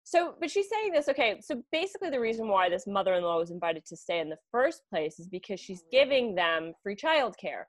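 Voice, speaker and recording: A woman co-hosting a comedic advice podcast, reading listener letters aloud and then mulling them over in a chatty, halting way. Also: mid-range voice, sing-song. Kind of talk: casual comedic podcast chat.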